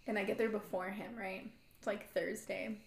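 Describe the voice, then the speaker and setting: Animated storytelling woman in a roomy echo. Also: medium pitch, normal speed, creaky. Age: 30s. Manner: animated storytelling, acts out quotes, laughs often. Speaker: podcast host. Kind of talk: casual chat.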